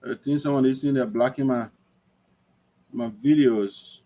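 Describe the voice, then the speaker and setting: A man's voice: medium pitch, steady tone, measured pace, dark tone. A man hosting an online talk show, lecturing emphatically in livestream commentary. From Liberia.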